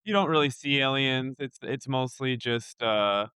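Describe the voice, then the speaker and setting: Rambling smooth-voiced podcast co-host, man. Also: medium pitch, measured pace, sharp tone, no room sound, clean studio sound. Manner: rambling, many fillers like "like" and "I mean". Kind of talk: casual film discussion.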